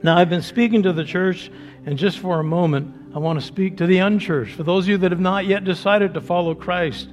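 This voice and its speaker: A male pastor preaching a sermon to a congregation, drawing phrases out slowly and then rising to loud, fervent calls. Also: high-pitched, steady tone, soft background music. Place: church sanctuary before a congregation.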